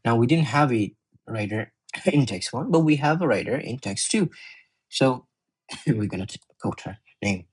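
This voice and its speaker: A man's voice: medium pitch, animated, moderate pace, breathy edge, rough recording. A man tutoring English in a casual exam walkthrough, chatty and often correcting himself as he thinks aloud.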